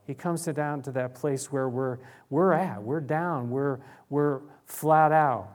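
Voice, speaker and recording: This pastor's sermon comes slowly in a medium-pitched male voice. He repeats himself, restarts phrases, and alternates booming emphasis with near-whispers.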